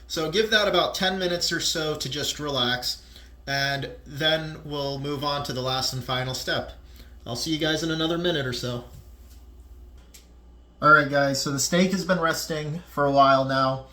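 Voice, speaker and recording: Man, cooking channel host, casual tutorial, home kitchen, camera on a tripod, bright voice. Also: on the high side. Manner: chatty, loose, talks to viewers while eating. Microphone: camera mic on a tripod.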